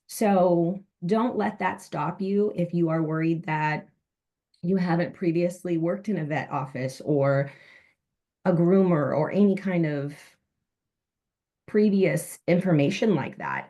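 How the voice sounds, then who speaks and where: A woman's voice: on the low side, measured pace, mellow. A woman speaking earnestly on a panel about changing careers, with frequent fillers. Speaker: panel speaker, former insurance worker. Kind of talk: heartfelt testimonial on a video call.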